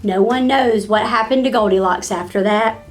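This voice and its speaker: A woman reading a children's storybook aloud in an expressive, sing-song way. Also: medium pitch, moderate pace, soft background music. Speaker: storybook reader.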